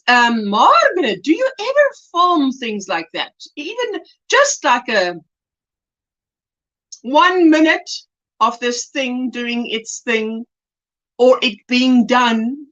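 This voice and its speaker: A woman's voice: high voice, a bit bright, lo-fi sound. A woman with a South African accent hosting a casual crochet livestream, chatty and laughing often as she reads the chat aloud from her phone.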